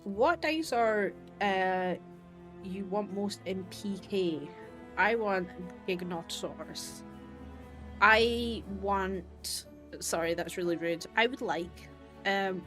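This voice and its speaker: A woman streaming a game, chatting casually and thinking aloud, with sudden bursts of excitement. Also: medium pitch. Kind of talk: casual livestream commentary while playing.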